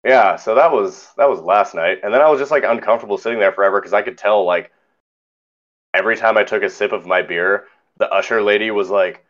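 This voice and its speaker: A man telling a story in casual chat as a podcast host, animated and acting out the people in it. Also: lowish voice, fast talker, highs cut off. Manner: animated, mimics others in quoted lines.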